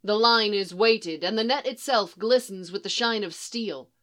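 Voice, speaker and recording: A woman reads a story aloud as its narrator. Her delivery is measured with a wry edge. She keeps the telling steady between the characters' lines. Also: medium pitch. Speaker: reader.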